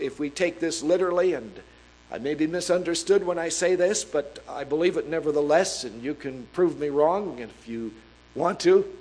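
A man preaching a sermon in an earnest, emphatic way, reading scripture aloud and slowing down to stress key words. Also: fairly high pitch, darkish tone, rough recording.

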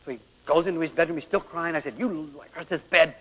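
A man's voice: on the high side, fairly even intonation, fast, fairly bright tone, slightly rough. A middle-aged man preaching a sermon and telling a story from his own family, acting out voices as he goes. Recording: old lo-fi tape in a large hall.

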